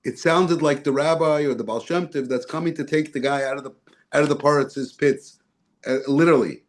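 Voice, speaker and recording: A man's voice: on the high side, a little fast. A man, a guest speaker, telling a personal story and acting out the voices of the people in it. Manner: animated storyteller, acts out quoted voices. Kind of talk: storytelling talk.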